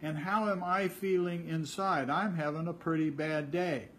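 A man's voice: fairly high pitch, fairly even intonation, moderate pace, a bit bright, a little hiss or hum. Older man giving a chatty spiritual talk. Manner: conversational, repeats words, acts out little dialogues. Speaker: spiritual teacher.

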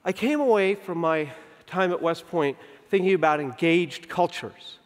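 This fifties-aged keynote speaker, whose voice runs fairly high for a man, fills his conference talk with stories and performed dialogue. He draws out important lines slowly for emphasis, and the large venue's long reverb lingers after every phrase.

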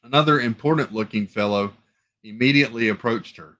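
A man reading a novel aloud for a live book club in an everyday voice of middling pitch. He trips over words now and then and corrects himself as he goes. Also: fairly quick, sharp tone. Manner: stumbles and self-corrects.

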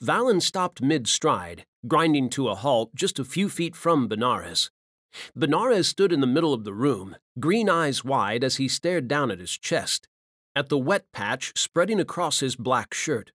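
A male audiobook narrator with a lively, animated delivery that rises and falls through dramatic scenes. The recording is dry and close, with no room sound. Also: medium pitch, a little slow, no echo. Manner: dramatic, expressive. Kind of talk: scripted narration.

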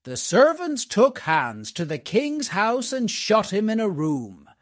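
A man narrating a simple storybook for English learners. He reads slowly and clearly, in a slightly high voice with lively intonation. The recording is dry and close. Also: dry recording. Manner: slow, clear, expressive reading.

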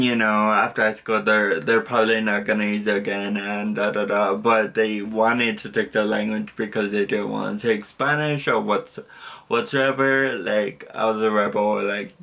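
A man's voice: on the low side, steady tone, moderate pace, creaky, bright, forceful tone. A young man casually teaching a basic lesson, rambling and correcting himself with lots of fillers and apologies. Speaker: language tutor.

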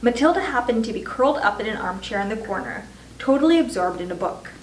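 A woman reading a children's chapter book aloud in a measured way, slowing down for emphasis. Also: a little high, animated. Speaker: volunteer reader. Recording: roomy echo, distant mic, faint noise.

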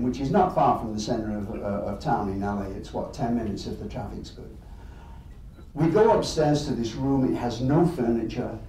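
An English man from England telling anecdotes to an audience in an animated, chuckling way. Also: medium pitch, very echoey, far from the mic, a little hiss or hum, rough recording. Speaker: guest storyteller.

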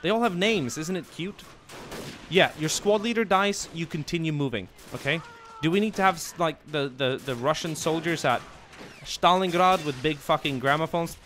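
A young man giving live commentary on a strategy war game, yelling and swearing at his troops one moment and muttering quietly the next. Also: on the high side, normal speed, a little hiss or hum. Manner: excitable, swears and yells at his units, drops to quiet mutters. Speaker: gameplay commentator.

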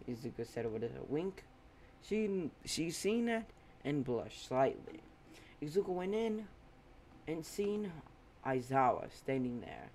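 A man's voice: a little high, sing-song, measured pace, darkish tone, a little hiss or hum. A man casually narrating a fan story, rambling with offhand asides.

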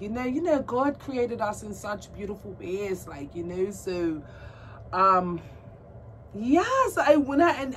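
A woman vlogging about her doll collection in a casual unboxing chat, gushing and excitable, cooing at a doll in baby talk. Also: medium pitch. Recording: distant mic with faint background noise.

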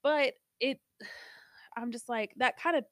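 A woman's voice: high-pitched, takes it slowly, dry recording, clean studio sound. A woman co-hosting a movie review show, chatting casually and rambling with many restarts. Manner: rambling, hesitant, full of restarts. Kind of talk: casual chat.

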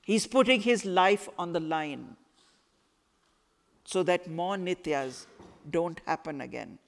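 An earnest teenage boy, voiced by a woman reading her story aloud, low-voiced and firm, drawing each word out slowly. The sound rings through a hall with a long, trailing reverb. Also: creaky. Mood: quiet.

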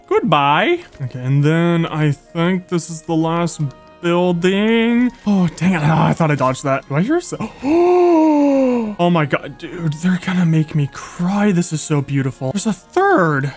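A young man giving excitable, gushing Let's Play commentary, yelping when enemies appear. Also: a little high. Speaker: gaming YouTuber.

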